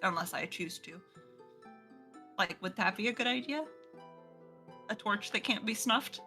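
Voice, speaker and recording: A woman's voice: medium pitch, measured pace, bright, forceful tone, soft background music. A woman playing in a live-streamed tabletop game, chatting in a bubbly way and laughing easily.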